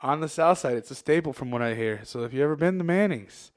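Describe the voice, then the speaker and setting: A man's voice: on the high side, expressive, quick pace. A young man co-hosting a podcast, telling a rambling, profane story and laughing as he goes. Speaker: podcast co-host. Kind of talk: casual storytelling chat.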